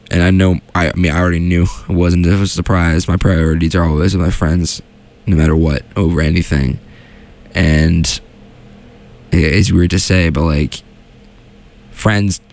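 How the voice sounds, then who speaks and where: A man's voice: deep voice, darkish tone. A young man hosting a solo show from a small studio, chatting casually and rambling with lots of fillers and restarts. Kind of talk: casual solo radio chat.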